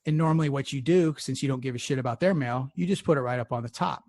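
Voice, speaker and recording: A man's voice: medium pitch, quick pace, darkish tone, no echo. A man from the Houston area co-hosting a podcast, telling rambling stories in casual, profane chat with frequent laughs. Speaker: podcast co-host.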